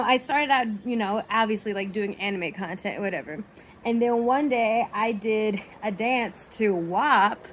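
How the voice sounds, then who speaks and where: A young woman content creator in an animated, exasperated rant, emphatic and swearing often. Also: mid-range voice, background noise.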